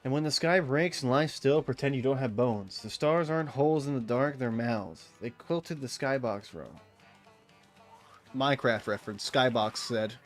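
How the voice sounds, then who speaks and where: A man streaming a game, swearing freely, joking, and reading in-game text aloud in an excitable way. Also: medium pitch, normal speed, soft background music. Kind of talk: gameplay commentary.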